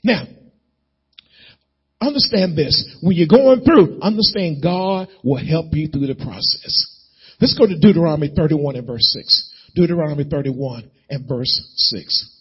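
A man preaching a sermon as pastor of a church, swelling into shouts as he acts out prayers to God. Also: fairly high pitch, expressive, measured pace, husky, muffled recording.

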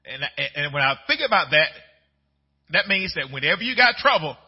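A man preaching a sermon in a conversational style, swinging from quiet asides up to loud, excited peaks. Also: fairly high pitch, brisk, husky, muffled recording. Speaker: pastor.

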